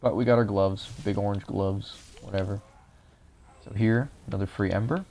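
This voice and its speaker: A man's voice: lowish voice, steady tone, normal speed, dark tone. A young man casually talking viewers through a game walkthrough, explaining each step as he plays, his voice a little dry. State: voice drying out. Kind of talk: casual gameplay commentary.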